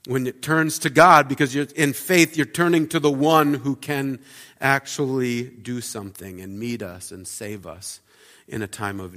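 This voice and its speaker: A man's voice: on the high side, fairly bright tone. A man in his thirties, a pastor giving a conversational, reflective sermon with frequent fillers in a church. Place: church sanctuary. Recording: long reverb of a church hall.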